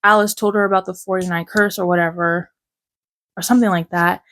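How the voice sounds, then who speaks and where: A woman's voice: fairly low pitch, steady tone, brisk, fairly bright tone. A woman making a casual reading vlog, talking through a book in a rambling, emotional way with lots of fillers. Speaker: book vlogger.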